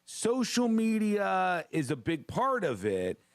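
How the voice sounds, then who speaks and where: A man's voice: high-pitched, huge pitch swings, takes it slowly, dry recording. A man hosting a radio talk show, delivering playful, wry banter through a studio microphone. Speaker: radio host.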